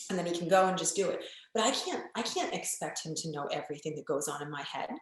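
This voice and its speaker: A woman's voice: low-pitched, expressive, fast talker. A woman coach speaking in a candid podcast conversation, blunt and emphatic, with occasional swearing. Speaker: relationship coach guest. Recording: very echoey room.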